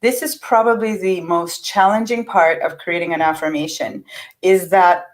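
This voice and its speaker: A woman's voice: lowish voice, moderate pace, rough recording. Middle-aged lady teaching affirmations, earnest, encouraging, kinda stumbles and restarts. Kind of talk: casual teaching talk.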